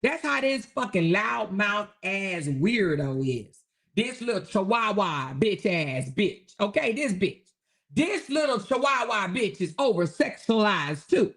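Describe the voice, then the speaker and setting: A woman hosting her own online talk show, delivering a loud, taunting, profanity-heavy rant. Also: medium pitch, big pitch swings, slow pace.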